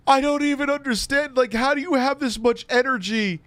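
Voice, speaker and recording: A man's voice: very high-pitched, fairly even intonation, a little slow, fairly bright tone. Laughing, mocking man ranting. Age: adult, his own peer group. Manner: incredulous, mocking, laughs a lot, swears. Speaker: commentary host. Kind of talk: ranting commentary.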